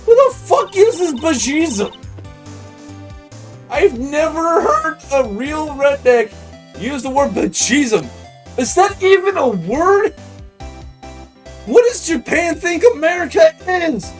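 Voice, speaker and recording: A man's voice: very high voice, very animated, slow, pauses often. A man playing through a video game, reading the dialogue aloud and adding sarcastic, swearing asides. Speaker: let's play commentator. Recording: game music under voice.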